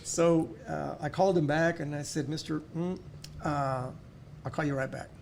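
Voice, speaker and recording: A middle-aged man with a South Texas accent tells his stories in a relaxed interview. His voice sits a little high and runs gravelly, with restarts and repeated words, and a faint hiss sits under it. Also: normal speed. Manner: warm storytelling with many restarts and repeated words. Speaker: podcast guest, school board member. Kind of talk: casual interview storytelling.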